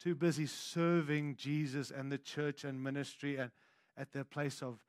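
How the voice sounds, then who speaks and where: A man delivering a sermon as pastor goes from quiet, intimate lows to loud, insistent highs and chats with the congregation in asides. His pitch moves little, his pace is a little slow, and the clean studio sound has no room sound.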